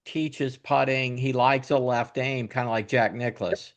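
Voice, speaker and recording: A man's voice: medium pitch, fairly even intonation, measured pace. A man hosting a golf podcast who sets up his questions with long explanations in casual conversation. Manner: leads with long setups, then asks questions. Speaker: podcast host.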